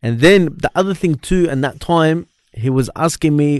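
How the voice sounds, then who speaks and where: A man's voice: on the high side, normal speed, hardly any pauses, no echo, clean studio sound. Australian man telling a story with laughs. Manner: animated, laughs while telling, acts out dialogue. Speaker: podcast co-host. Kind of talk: casual storytelling.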